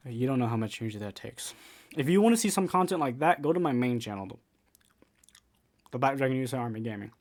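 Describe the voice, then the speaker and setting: A man at medium pitch talks viewers through a game building tutorial in a loose, casual way. He restarts his sentences often and repeats words as he goes. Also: animated, fast, long pauses, darkish tone.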